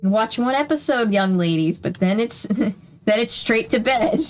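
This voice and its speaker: A woman's voice: a little high, animated, normal speed, a little hiss or hum. A woman chatting casually while playing a video game, laughing often. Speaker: podcast co-host. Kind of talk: casual chat while gaming.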